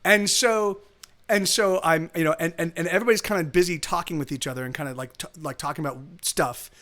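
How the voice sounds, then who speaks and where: A man's voice: fairly high pitch, quick pace, fairly bright tone. A man telling a long story in a casual, rambling way, often restarting his sentences and swearing. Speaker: streamer. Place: home streaming setup.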